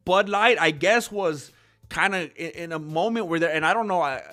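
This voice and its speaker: A man's voice: a little high, normal speed, sharp tone, faint music behind. A man hosting an MMA commentary vlog, sarcastic and opinionated, acting out both sides of an argument. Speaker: MMA commentary channel host.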